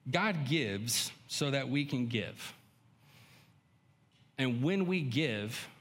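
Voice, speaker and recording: Mężczyzna, pastor głoszący kazanie w pogłosowej sali. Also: male voice, mid-range voice, fairly bright tone. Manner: conversational, acts out inner voices. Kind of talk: sermon. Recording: long hall reverb.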